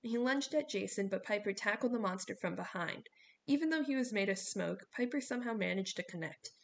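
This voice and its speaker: A woman reading a novel aloud, steady storytelling with small slips. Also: mid-range voice, a little fast, creaky, slight background noise. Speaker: audiobook reader.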